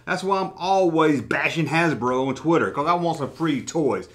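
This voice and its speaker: With a voice on the high side and a moderate pace, a toy-collecting YouTuber reads comments in his casual vlog. He jokes sarcastically and swears without holding back.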